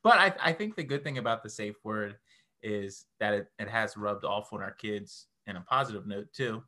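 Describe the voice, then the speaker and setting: A man's voice: fairly low pitch, animated, normal speed, sharp tone. A man co-hosting a casual couples podcast with his wife, mostly adding short remarks and laughing along. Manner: brief interjections, laughs along. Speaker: podcast co-host.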